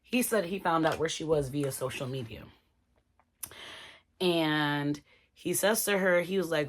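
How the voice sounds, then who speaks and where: A woman's voice: sits low, a little slow, pauses often. A woman giving a casual, chatty recap of a reality show, talking straight to her viewers. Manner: chatty, addresses viewers as y'all.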